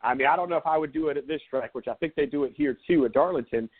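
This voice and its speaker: A man's voice: a little high, rapid-fire, husky. A man in his forties from South Carolina, a sports talk host telling rambling, sarcastic stories in casual live chat. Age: 40s. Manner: rambling storyteller, laid-back and sarcastic. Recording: tinny phone-like line.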